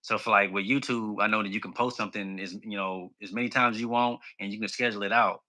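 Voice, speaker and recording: A man's voice: on the low side, steady tone, quick pace, sharp tone. A bubbly, extroverted man chatting casually as a podcast guest. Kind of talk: casual chat.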